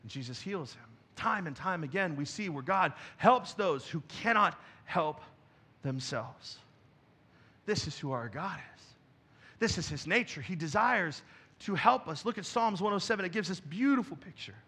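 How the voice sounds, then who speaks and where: A male pastor preaches from a church stage, shifting between hushed, intimate moments and loud, emphatic ones. His voice is high with lively intonation, a moderate pace, and a breathy edge.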